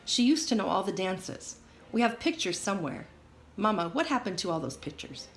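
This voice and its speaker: A woman reading aloud as a stern, furious immigrant father who lectures his daughter loudly. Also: medium pitch, big pitch swings, moderate pace. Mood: angry scolding. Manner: loud, scolding lecture. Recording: roomy echo, faint hiss.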